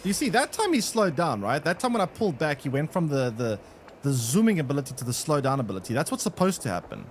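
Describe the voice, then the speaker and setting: A man's voice: a little high, sing-song, quick pace, a little hiss or hum. A man streaming a game live, rambling and thinking aloud to his chat with many restarts. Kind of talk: live gameplay commentary to chat.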